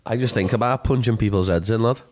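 Young man, Liverpool accent, deep low voice, blunt laddish banter; casual guest chat. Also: fast talker, a little mellow. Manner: blunt, laddish, says "lad" often. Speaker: MMA fighter, guest.

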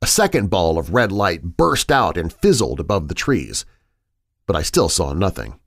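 A man hosting a horror podcast, reading a story in a measured, suspenseful way on a close mic. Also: low voice, sing-song, vocal fry, no room sound. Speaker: horror podcast host and narrator. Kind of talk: scripted horror story narration.

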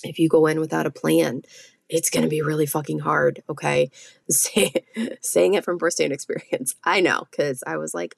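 Blunt, low, gravelly woman podcaster. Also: steady tone, moderate pace, no echo, studio quality. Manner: blunt, swears freely, keeps asking "okay?". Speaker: podcast host and med spa owner. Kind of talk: casual solo podcast talk.

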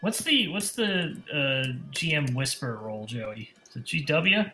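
A man narrating as game master on an online voice call, laughing often and filling pauses with "uh" and "um". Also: medium pitch, expressive, pushed and bright, soft background music. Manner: laughs often, fills gaps with "uh" and "um". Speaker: dungeon master.

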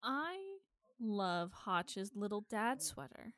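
A woman's voice: medium pitch, big pitch swings, slow pace, fairly bright tone. A woman co-hosting a podcast, chatting casually and reacting bluntly with jokes. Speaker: podcast co-host. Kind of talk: casual chat.

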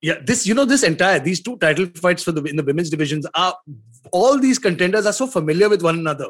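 A man in his forties co-hosting a sports podcast, talking in an emphatic, excitable way and laughing often. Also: sits high, fast talker. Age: 40s. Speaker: podcast co-host. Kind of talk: casual sports chat.

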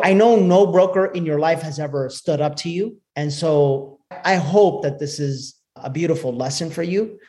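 Male business coach, motivational group session, lively storyteller addressing the room directly. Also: sits high. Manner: animated storytelling, talks straight to the audience. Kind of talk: motivational teaching to a live group.

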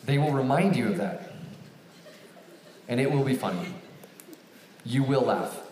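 Lively man preaching in an echoey hall. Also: medium pitch, measured pace, a little hiss or hum. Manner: animated, acts out phone dialogue in raised voices. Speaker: campus ministry speaker. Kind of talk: storytelling sermon to a live audience. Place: large hall with an audience. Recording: echoey hall, picked up from a distance.

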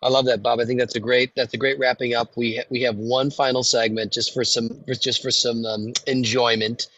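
A man's voice: mid-range voice, level tone, brisk, no room sound, low-quality recording. A man hosting a casual interview over a video call, talking in a rambling way with many restarts. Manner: warm-hearted, rambling with many restarts and fillers. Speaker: podcast host.

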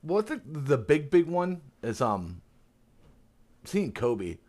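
A man chatting as a podcast guest, retelling scenes with animated, slangy, swearing energy. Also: a little high, slow. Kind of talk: casual chat.

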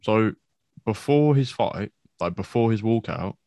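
Low-voiced chatty man, enthusiastic. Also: animated, measured pace, vocal fry, warm tone, dry recording. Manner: chatty, enthusiastic, says "mate" a lot. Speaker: podcast co-host. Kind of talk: casual MMA fight recap.

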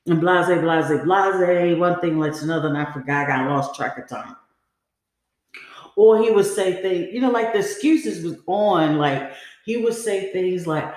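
A woman's voice: on the low side, a little slow, darkish tone. A woman hosting a podcast, telling a personal story in a casual, confiding way, often saying "you know" and "like" and acting out quoted lines. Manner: frequent fillers like "you know" and "like". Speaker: podcast host. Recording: very echoey room.

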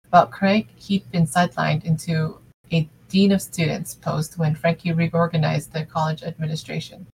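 Low-voiced woman casually reading a story. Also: a little mellow, a little hiss or hum, rough recording. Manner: casual reading with small slips and restarts. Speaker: fan fiction reader.

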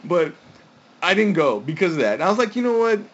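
A man's voice: high-pitched, sing-song, a little fast, slightly rough. A man co-hosting a casual podcast, telling stories and acting out quotes with frequent laughs. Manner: chatty storyteller, laughs often, acts out quotes. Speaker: podcast co-host. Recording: dull lo-fi sound.

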